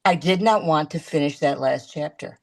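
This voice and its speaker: A woman talking as a guest in a casual video-call chat, chatty and halting, restarting her sentences often. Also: sits low, a little mellow.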